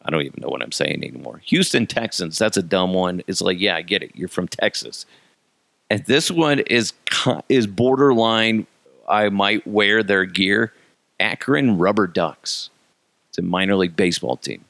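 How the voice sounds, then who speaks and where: Sarcastic man ranting with lively swings. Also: low voice, moderate pace, vocal fry, dry recording. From Colorado, USA. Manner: sarcastic, mocking, jumps into silly voices. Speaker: podcast host. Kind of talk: comedic solo rant.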